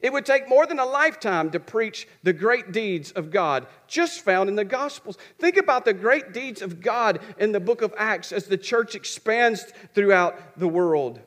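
A man's voice: high voice, expressive, normal speed, hardly any pauses, a bit bright. A man preaching a sermon. He asks questions and answers them himself, and repeats phrases for rhythm.

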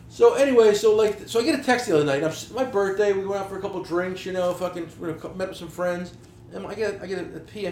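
A man hosting a podcast, swearing freely through lively, animated stories about his tool business. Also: high voice, fast. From New Jersey. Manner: profane, animated storytelling. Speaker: podcast host, tool dealer. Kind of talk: casual podcast chat. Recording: roomy echo, faint background hiss.

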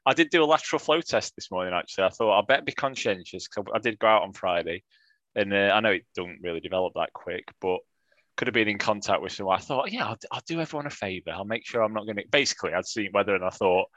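A man's voice: lowish voice, lively intonation, fast, fairly bright tone, no echo, dull audio. A man co-hosting a football fan podcast, chatting casually with wry, teasing banter and frequent restarts. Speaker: podcast co-host.

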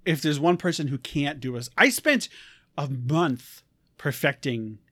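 A woman co-hosting a podcast in casual chat, animated and laughing, often trailing off quietly. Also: sits low, unhurried, dry recording. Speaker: podcast co-host.

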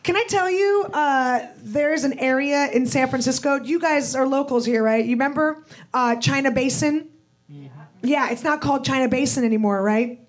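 A woman's voice: sits high, moderate pace. A woman comedian chatting casually as a guest, asking the others questions. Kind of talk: casual chat.

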